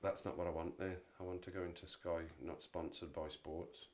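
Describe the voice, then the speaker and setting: Male streamer, middle-aged, lower voice, rambling and playful. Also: little pitch movement, normal speed, darkish tone. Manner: jokey, rambling, repeats himself. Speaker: live streamer. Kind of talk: casual chat.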